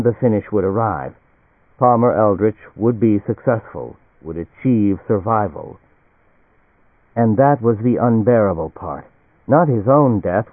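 A man narrating a novel in a measured audiobook reading. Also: fairly low pitch, no room sound. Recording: tinny, phone-like and dry.

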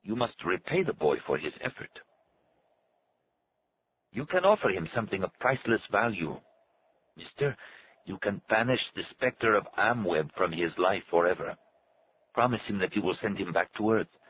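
A man's voice: lowish voice, big pitch swings, moderate pace, pauses often, dull audio, a little hiss or hum, pitched above the performer's own voice. A man voicing a sad, haughty native servant who speaks in formal, stately phrases. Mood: solemn. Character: solemn, haughty male native servant and guide. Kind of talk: audiobook character voice.

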